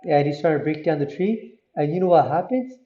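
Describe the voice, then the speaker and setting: A man telling a religious story to children, lively and often asking his listeners questions. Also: on the high side, fairly quick. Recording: muffled, roomy recording.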